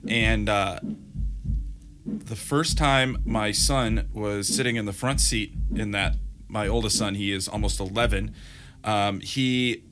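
A man in his thirties co-hosting a podcast, telling animated stories and acting out what others said. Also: on the low side, slow pace, a little hiss or hum. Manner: animated storyteller, acts out quotes. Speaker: podcast co-host. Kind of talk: casual chat.

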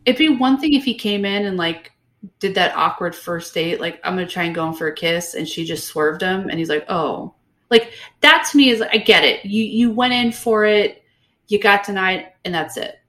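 A woman's voice: mid-range voice, animated, normal speed, fairly bright tone. A woman co-hosting a podcast, recapping a book in casual, sarcastic chat with lots of fillers. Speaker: podcast co-host.

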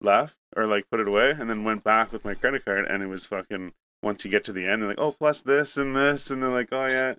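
A man's voice: lowish voice, fast, few pauses, sharp tone, clean tone. A young man from Canada in casual chat, telling a rambling, profane story with acted-out asides.

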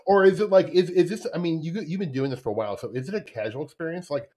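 A man's voice: a little high, quick pace, darkish tone. Man asking rambling curious questions. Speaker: podcast host. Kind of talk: casual interview chat.

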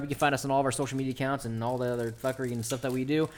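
A man's voice: medium pitch, little pitch movement, racing. A man narrating as dungeon master, rambling with lots of fillers. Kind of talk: narrating a tabletop game.

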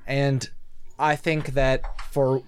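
A man's voice: mid-range voice, flat delivery, slow pace, a little hiss or hum. A man co-hosting a podcast, explaining at length in casual chat with many fillers and restarts. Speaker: podcast co-host.

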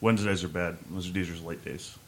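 A man's voice: sits low, steady tone, a little fast. Teasing man hosting a podcast. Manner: joking, teasing. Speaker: podcast host. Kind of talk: casual chat.

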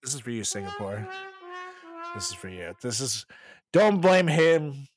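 A man's voice: mid-range voice, very animated, unhurried, over music. A man co-hosting a comedy podcast in casual chat, from Latin America, laughing often through joking asides. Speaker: podcast co-host.

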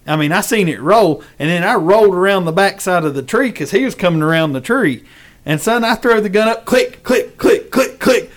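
Animated man spinning a yarn. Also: high voice, normal speed. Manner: animated, rural drawl, says "son". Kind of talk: casual storytelling chat.

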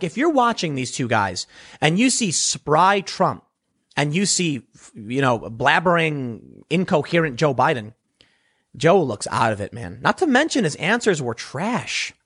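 A man rants through his own opinionated commentary with a mocking edge. His voice sits a touch high and swings widely in pitch. He often trips and restarts mid-sentence. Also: breathy edge. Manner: animated, mocking, talks over restarts. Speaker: political commentator.

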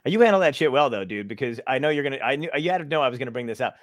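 A man's voice: mid-range voice, animated, very fast, dry recording. A male comedian hosting a podcast, bantering casually, laughing a lot and swearing freely.

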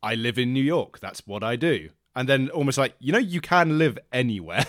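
A man hosting a podcast, telling stories in a relaxed way and laughing between phrases. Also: mid-range voice, moderate pace. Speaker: podcast host. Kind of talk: casual podcast conversation.

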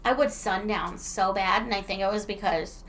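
A woman's voice: medium pitch, normal speed, a little hiss or hum. A woman in her thirties co-hosting a casual chat, telling stories with lots of laughter and swearing. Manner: laughs often, swears freely, animated storyteller. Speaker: podcast co-host. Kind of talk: casual chat, reading listener letters.

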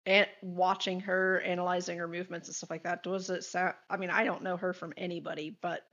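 A woman's voice: on the low side, flat delivery, brisk, fairly bright tone, dull audio. A woman playing a tabletop game, checking and questioning the game master. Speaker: player.

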